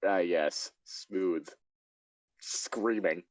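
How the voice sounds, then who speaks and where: Deep-voiced sarcastic man. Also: drawn-out words, no echo. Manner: dry, sarcastic asides. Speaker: co-reader. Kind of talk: comic read-aloud with commentary.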